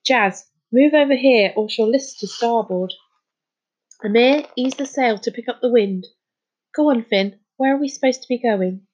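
A man's voice: very high-pitched, sing-song, normal speed, a little mellow, breathy edge, highs cut off, pitched above the performer's own voice, heavily acted. A woman voicing a bossy, skeptical boy who snaps out curt orders on a sailing boat, in a storybook reading. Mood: gruff.

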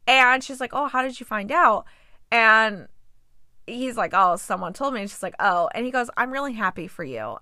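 A woman's voice: medium pitch, pushed and bright, dry recording, studio quality. A young woman hosting a show, chatting casually about a movie plot and acting out the characters' lines with incredulous reactions. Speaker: podcast host reviewing movies. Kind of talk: casual chat recapping a movie.

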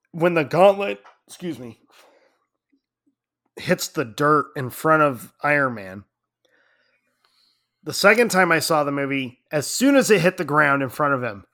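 A middle-aged man in casual chat, telling a story in an animated way and laughing often. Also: fairly high pitch, slow pace, long pauses.

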